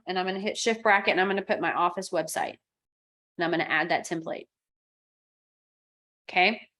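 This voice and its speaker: Woman talking through a software tutorial. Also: mid-range voice. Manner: talks through clicks step by step, acts out client texts. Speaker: real estate software coach. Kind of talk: screen-share software tutorial.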